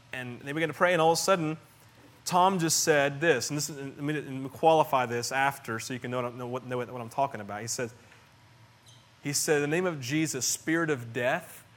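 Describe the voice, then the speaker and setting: Earnest, fairly high-voiced man preaching. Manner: earnest and conversational, with frequent restarts and swings in loudness. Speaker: pastor. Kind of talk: sermon.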